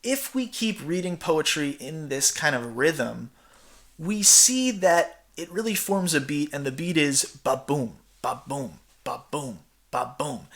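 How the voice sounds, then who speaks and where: A male theatre teacher talks through a recorded slide lecture. His voice sits slightly on the high side, and his delivery is casual and chatty, full of fillers and asides. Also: expressive, measured pace, a bit bright.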